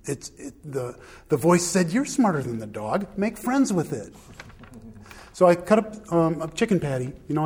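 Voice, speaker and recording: A man's voice: fairly high pitch, a little mellow. A man telling a rambling, self-deprecating personal story in casual conversation, laughing often. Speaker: husband sharing a personal story.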